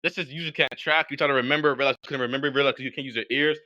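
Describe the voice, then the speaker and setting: A young man's fast, bright, cutting voice tears into an opponent in a heated voice-chat debate, insulting him without pause. The sound is dry and close, with dull, lo-fi voice-chat quality. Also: medium pitch, steady tone, no room sound. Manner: aggressive, insulting, rapid-fire ranting. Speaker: online debater.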